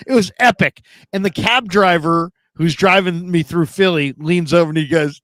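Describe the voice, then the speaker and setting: A middle-aged man hosting a sports call-in show, telling lively stories with acted-out quotes. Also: high voice, moderate pace, hardly any pauses, no room sound. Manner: animated storyteller, acts out quoted voices. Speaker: sports talk show host.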